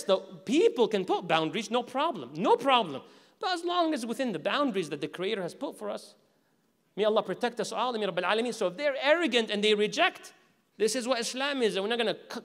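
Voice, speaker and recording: A man with a fairly high voice teaches at a mosque in a lively lecture style. He acts out imagined speakers and keeps asking the audience questions. His voice carries a long reverb from the hall. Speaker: Islamic teacher. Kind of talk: religious lecture.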